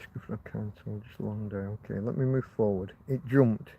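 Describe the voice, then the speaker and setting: A man's voice: fairly low pitch, steady tone, normal speed, gravelly, highs cut off, slight background noise. A man hosting a casual livestream, rambling and chatting to his viewers with frequent restarts. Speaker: livestream host.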